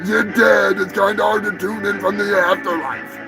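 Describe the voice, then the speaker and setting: A man's voice: high voice, level tone, normal speed, over music, low-quality recording. A man hosting a live show, rambling through profane, joking rants. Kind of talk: rambling live-stream monologue.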